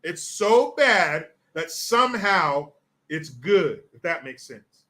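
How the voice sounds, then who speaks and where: A male show host riffs on viewer comments in loose, profane commentary. His voice sits a little high, with a bright and forceful edge. He rambles and restarts, bluntly and without polish. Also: very animated, slow.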